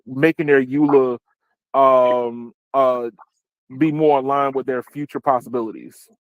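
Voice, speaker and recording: A man's voice: mid-range voice, fairly even intonation, unhurried, dry recording, highs cut off. A man hosting a casual tech talk show, jokey and slangy, often repeating words as he gets going. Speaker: host.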